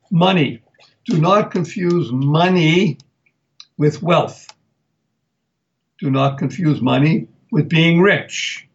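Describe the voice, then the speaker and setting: An older man hosting a live talk radio show, speaking slowly and deliberately and spelling words out for emphasis. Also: on the high side, muffled recording.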